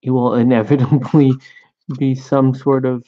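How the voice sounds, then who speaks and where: A man's voice: medium pitch, little pitch movement, a little slow, mellow, highs cut off. A man chatting casually while painting miniatures, laid-back and joking, swearing now and then.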